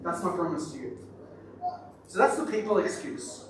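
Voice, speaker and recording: A man's voice: high voice, very animated, normal speed. A male pastor preaching a sermon, chatty and joking with the congregation. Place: church hall. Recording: very echoey hall, distant mic, audible noise.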